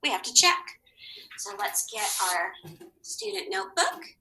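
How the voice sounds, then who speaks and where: A woman teacher giving a recorded phonics lesson for children, encouraging and spelling words slowly letter by letter. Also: high voice, big pitch swings, creaky, bright, forceful tone, poor audio.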